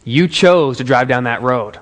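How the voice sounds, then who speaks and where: A man doing a calm, stern father. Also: medium pitch, pitched below the performer's own voice, lightly acted. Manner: firm, measured, matter-of-fact.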